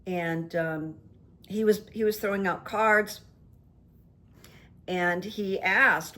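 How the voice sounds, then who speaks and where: Slow, meandering woman rune reader. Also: medium pitch, pushed and bright. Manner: meandering, with many fillers and restarts. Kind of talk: casual monologue.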